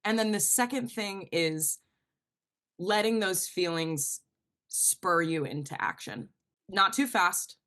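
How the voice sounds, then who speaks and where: A young woman from New Jersey, a climate educator speaking earnestly in an interview, lively when quoting others. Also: fairly low pitch, takes it slowly. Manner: earnest, animated storytelling with quoted asides. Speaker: guest, climate educator and show host. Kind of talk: conversational interview.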